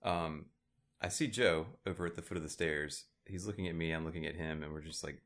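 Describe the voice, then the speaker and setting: A man telling a profane story in casual chat, growing loud and laughing as it builds. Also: rumbling low, brisk. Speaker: storyteller on a podcast.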